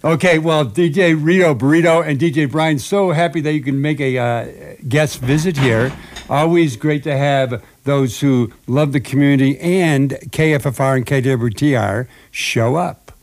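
A man's voice: a little high, normal speed. A man hosting a local radio show in the studio, chatting casually and joking with a laugh. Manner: jokey, laughs often. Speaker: radio host.

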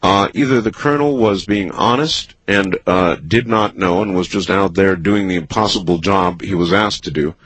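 A man hosting a late-night call-in radio show, talking in a dry, skeptical, measured way. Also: low voice, a bit bright, slightly rough, dry recording, rough recording. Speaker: radio talk show host. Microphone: studio microphone.

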